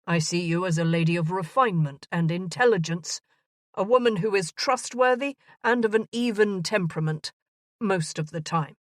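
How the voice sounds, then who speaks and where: A woman voicing an earnest, bumbling gentleman of thirty proposing marriage in a romance audiobook. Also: lowish voice, moderate pace, no echo, studio quality, natural voice.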